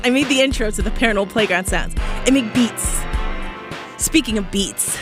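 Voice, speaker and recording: A woman's voice: medium pitch, moderate pace, music in the background. A woman hosting a college radio show, giddy and exuberant, laughing often and whooping in a studio. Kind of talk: bubbly radio chat.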